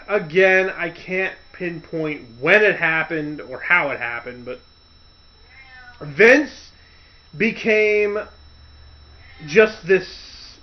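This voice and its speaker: Rambling man ranting in lo-fi audio. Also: fairly high pitch. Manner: rambling, loose storytelling with restarts and loud shouted impressions. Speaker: podcast host. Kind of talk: casual rant. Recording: dull lo-fi audio.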